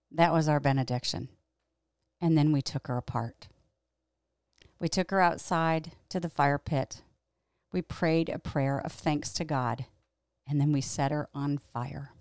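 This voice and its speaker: A woman's voice: low-pitched, a little mellow, no room sound, studio quality. A middle-aged woman, a host and pastor, telling a personal story in a reflective, candid way with emphatic repetition.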